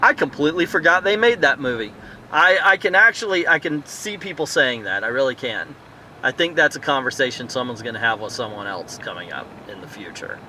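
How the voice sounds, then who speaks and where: A man's voice: medium pitch, very animated, fairly quick, bright, forceful tone, a little hiss or hum. A man giving a casual, rambling movie review outdoors at night, thinking aloud with many fillers and tangents. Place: outdoors in a town area at night.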